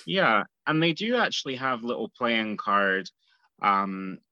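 A Scottish man with a lowish voice that still sounds bright and forward. He explains things in an easygoing, chatty way, recorded dry with a somewhat dull, lo-fi sound. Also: very animated, takes it slowly, no room sound. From Scotland. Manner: easygoing, explanatory, with light laughs. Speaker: guest fortune teller. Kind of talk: casual interview conversation.

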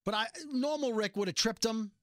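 With a medium-pitched voice and a brisk pace, this podcast host gives a lively, casual rundown of a TV episode and performs the quoted lines of the characters. The studio sound is clean, with no echo.

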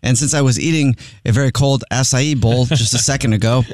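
A man hosting a radio show, chatting casually, quick and joking, with frequent laughs. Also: mid-range voice, a little mellow, no room sound, clean studio sound.

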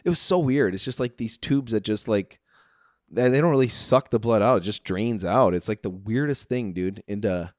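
A low-voiced man spins a wild story in a relaxed chat, chuckling often and sprinkling in "dude" and "like". The sound is close and dry with no room around it. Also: moderate pace, no room sound. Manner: animated storyteller, laughs often, says "dude" and "like". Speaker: guest telling a story. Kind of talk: casual chat.

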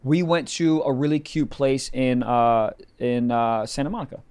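A man's voice: mid-range voice, fairly even intonation, normal speed, darkish tone, clear, resonant tone. A young man co-hosting a comedy podcast, rambling through a story with lots of fillers. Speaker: podcast co-host. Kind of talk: casual comedy chat.

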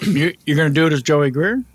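A man's voice: on the high side, brisk. Playful male podcast host. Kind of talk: casual chat.

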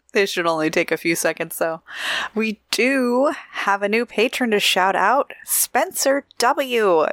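A woman co-hosting a podcast in casual chat, giggly and chatty, reading out shout-outs and promos. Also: medium pitch, expressive, slow, dry recording, clean studio sound. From Oregon, USA. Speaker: podcast co-host.

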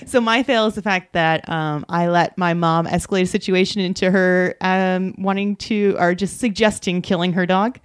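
A woman telling a story in casual chat with friends, lively, swearing, acting out what others said. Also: lowish voice, normal speed, hardly any pauses, clean tone. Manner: animated, swears, acts out quotes.

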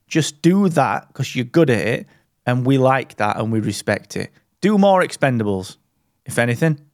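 A man's voice: medium pitch, moderate pace, dry recording. Guy riffing on a podcast, dry sound, mid voice. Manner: jokey, animated, slips into mock impressions. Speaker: podcast co-host. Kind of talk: casual banter.

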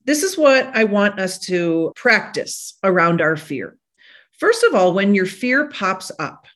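A woman psychologist giving a motivational podcast talk, animated, acting out the quotes she tells. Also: medium pitch. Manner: animated, acts out quoted voices.

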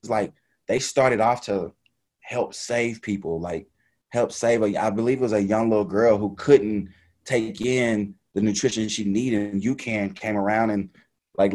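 Laid-back man, slightly low voice. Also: a little mellow. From Texas. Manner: loose, heavy with fillers like "man" and "like". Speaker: guest triathlete. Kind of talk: casual interview over video call. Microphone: video call.

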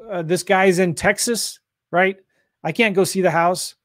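A man from St. Louis coaching real estate investors on a livestream, pushing hard in an energetic sales style. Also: high-pitched, unhurried, no echo, studio quality. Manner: pushy, energetic sales talk.

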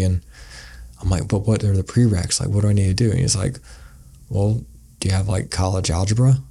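A man's voice: deep voice, fairly even intonation, fairly quick, gravelly, warm tone, husky. A man, a podcast guest, telling a story in a casual, rambling way and acting out the quoted lines. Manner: rambling, acts out quoted dialogue.

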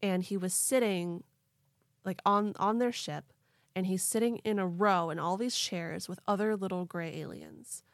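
An animated young woman hosts a podcast, telling a story in loose, casual chat peppered with "like". Her voice is close and dry, with no room sound, and her pitch sits in a middle range. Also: unhurried, no echo. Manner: animated, laughing, lots of "like". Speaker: podcast host.

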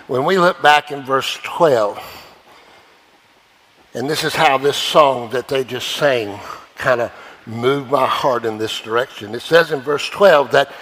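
A male pastor preaching a sermon with emphatic delivery, repeating phrases for stress and dropping to hushed asides. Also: mid-range voice, moderate pace, poor audio.

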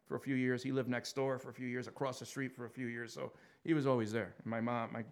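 A man in his fifties from Queens with a New York accent, the guest in a casual conversation, telling relaxed stories with frequent chuckles. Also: mid-range voice, quick pace.

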